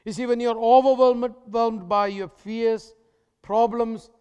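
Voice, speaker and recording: A man preaching a sermon as pastor, emphatic and repetitive with dramatic pauses. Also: extremely high pitch, fairly even intonation, darkish tone, clear, resonant tone, in a large hall, dull audio.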